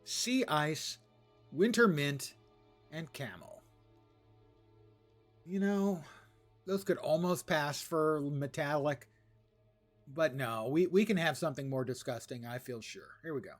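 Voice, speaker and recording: A man's voice: a little high, slow, pauses often. A man streaming an online game, making wry, joking asides about his loot and the story as he plays. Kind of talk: casual gameplay commentary. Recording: streamed voice over game music.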